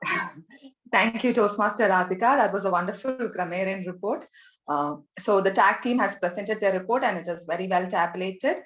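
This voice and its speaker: A woman's voice: mid-range voice, normal speed, a bit bright, dull audio. A woman giving a general evaluator's report at a club meeting, repeating herself and filling gaps with fillers. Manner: repetitive, loose phrasing with fillers.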